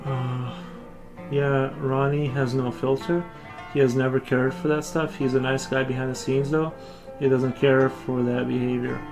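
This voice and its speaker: A man's voice: medium pitch, little pitch movement, a little slow, music in the background. A man chatting casually with his viewers while drawing on a livestream, rambling with frequent restarts. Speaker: livestream artist.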